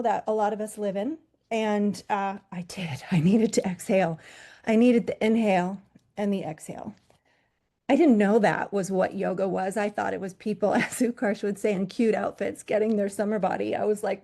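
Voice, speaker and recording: A woman's voice: mid-range voice, normal speed, a little mellow. A woman in her forties, a yoga teacher from Los Angeles, telling her own story in a talk in an earnest, candid way with fillers and self-corrections.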